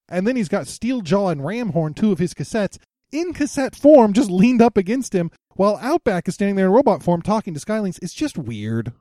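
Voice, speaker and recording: Lively high-voiced man recapping a cartoon. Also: no room sound, clean studio sound. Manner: playful, slips into silly voices. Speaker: podcast co-host. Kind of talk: casual chat recapping a cartoon episode.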